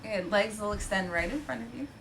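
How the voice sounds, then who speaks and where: A young woman teaching a yoga class from home, giving gentle cues with chatty, encouraging asides. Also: mid-range voice, a little fast, vocal fry, a little hiss or hum, poor audio. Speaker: yoga instructor. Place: home practice space.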